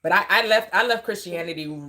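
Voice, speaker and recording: A woman's voice: medium pitch, a little fast, sharp tone, slight background noise. A woman hosting a casual live stream, blunt and laughing as she talks back to her chat.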